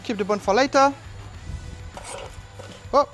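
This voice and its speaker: A barbecue cook hosting a casual cooking demonstration, explaining each step in a relaxed way and breaking into silly asides and sing-song exclamations. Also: medium pitch, moderate pace, faint music behind. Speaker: barbecue cook and channel host. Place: outdoors at a large smoker.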